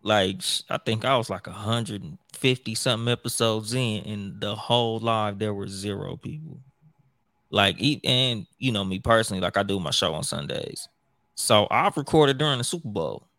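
A man's voice: on the low side, normal speed, fairly bright tone, dry recording, studio quality. A man who hosts his own show, chatting casually in a profane, rambling way with many restarts. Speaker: podcast host. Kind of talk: casual chat.

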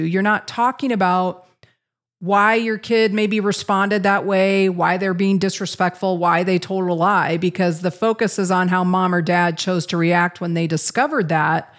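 Woman, middle-aged, podcast co-host; candid, casual, mid-pitched voice.

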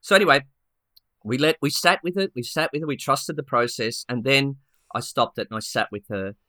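A man co-hosting a podcast, telling a story in a lively, casual way with many restarts and acted-out quotes. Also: medium pitch, brisk, dry recording, clean studio sound. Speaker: podcast co-host.

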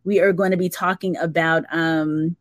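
A woman's voice: fairly low pitch, steady tone, moderate pace, no echo. A woman co-hosting a casual livestream, reading out viewer comments and laughing often. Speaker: co-host reading live chat.

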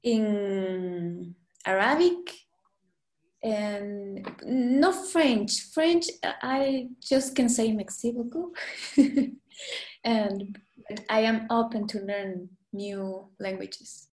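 A woman with a Spanish accent, a Spanish teacher speaking English as a second language as a podcast guest, halting and searching for words with many fillers. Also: medium pitch, darkish tone. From Guatemala. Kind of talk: casual interview chat. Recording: echoey room.

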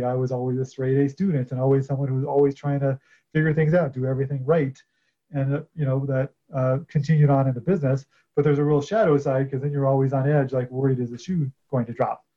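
A man, a coach guesting on a podcast, explaining his ideas in a measured way with some fillers. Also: medium pitch, highs cut off. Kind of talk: casual podcast interview.

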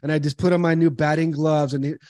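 A man in his forties from Southern California, a podcast guest telling earnest, animated stories with frequent restarts. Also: fairly high pitch, fast talker, dry recording, studio quality. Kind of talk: casual interview storytelling.

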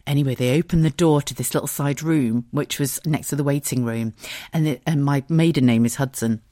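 A woman's voice: a bass voice, a little fast, warm tone, no room sound. A woman, hosting a podcast and telling a story in casual chat, swearing freely and close to tears. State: tearful, close to crying. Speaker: podcast host.

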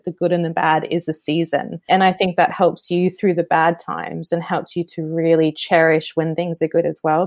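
A woman's voice: fairly low pitch, no room sound, clean studio sound. A woman hosting a podcast, speaking reflectively in a casual conversation and laughing often. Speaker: podcast host.

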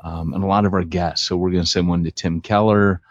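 A man co-hosting a podcast, chatting casually in an upbeat way with quick asides. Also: sits low, steady tone, no room sound. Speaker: podcast co-host. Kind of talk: casual chat. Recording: dull lo-fi sound.

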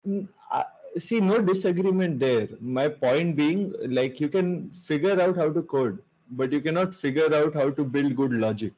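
A man in a casual panel chat who speaks haltingly and asks questions. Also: fairly high pitch, a little mellow. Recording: dull muffled line.

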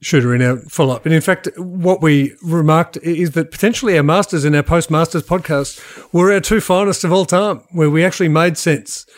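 A man's voice: fairly high pitch, a little fast. A man co-hosting a sports podcast in casual chat, self-deprecating and tripping over his words. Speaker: podcast co-host.

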